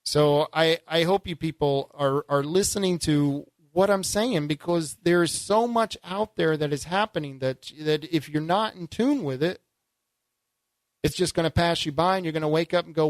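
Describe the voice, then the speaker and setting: A man's voice: fairly high pitch, normal speed, dry recording. A man hosting political call-in talk radio, fervent and rhetorical, with folksy asides to his listeners. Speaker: radio talk show host.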